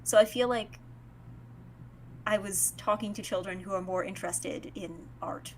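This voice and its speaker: A woman's voice: medium pitch, fairly even intonation, normal speed, a little hiss or hum. A woman in her twenties hosting a game stream, chatting casually with plenty of filler words. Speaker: streamer host.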